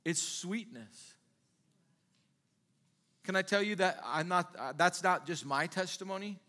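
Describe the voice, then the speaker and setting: A man's voice: high-pitched, a little slow, pushed and bright. A male pastor preaching a sermon in a conversational way, asking the congregation rhetorical questions again and again.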